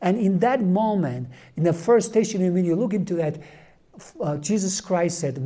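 Earnest man with a mellow voice. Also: high voice, expressive. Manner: earnest, halting, with many fillers and restarts. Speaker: lay Catholic speaker. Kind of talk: informal religious talk.

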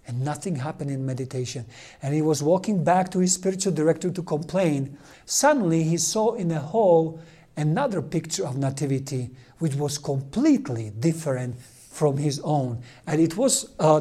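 Male preacher, warm low timbre, storytelling sermon with slow emphatic phrasing and hushed drops.

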